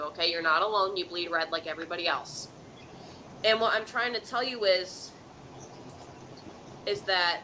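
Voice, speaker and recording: A woman's voice: medium pitch, bright, forceful tone, a little hiss or hum, poor audio. A woman hosting a live psychic advice stream, talking in an emphatic, preachy way and often checking in with "okay?". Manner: dramatic countdowns and pep-talk repetition.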